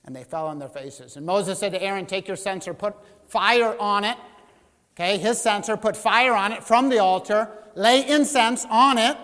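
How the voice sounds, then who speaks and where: A man's voice: high-pitched, moderate pace, bright, forceful tone, in a large hall. A man preaching a sermon as pastor, reading scripture aloud and acting out the grumbling crowd with rising, emphatic delivery. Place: church sanctuary.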